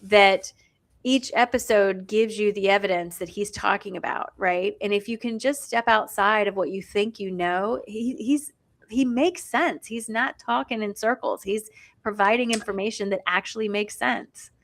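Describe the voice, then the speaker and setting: A woman's voice: medium pitch, normal speed. A woman co-hosting a live stream, chatting casually and reading viewer comments aloud.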